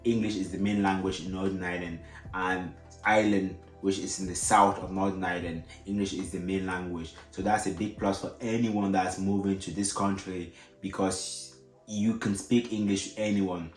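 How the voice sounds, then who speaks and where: A man's voice: low-pitched, steady tone, moderate pace, echoey room, soft background music. A man with an African accent, explaining things to viewers in a casual, repetitive way with frequent fillers. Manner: casual, repeats himself, many fillers. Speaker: vlogger.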